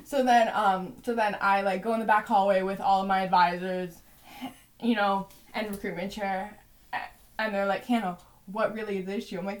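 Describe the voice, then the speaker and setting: A woman's voice: medium pitch, fairly quick. A young woman in her twenties, a podcast co-host, telling a story in a chatty way, full of "like" and "you know". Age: 20s. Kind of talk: casual storytelling.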